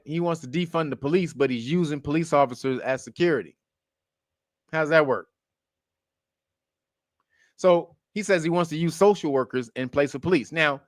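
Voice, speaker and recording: A man hosting a casual commentary show, rambling and profane, who corrects himself often and breaks into loud laughter. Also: mid-range voice, dry recording, clean studio sound. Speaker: show host.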